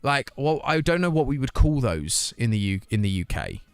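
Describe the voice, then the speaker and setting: A man's voice: mid-range voice, sing-song, normal speed, smooth, dry recording. Brit guy streaming, just chatting and answering chat, dry close sound, bit of music under it. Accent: British. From United Kingdom. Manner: chatty, reads out chat comments and answers them. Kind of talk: casual live-stream chat.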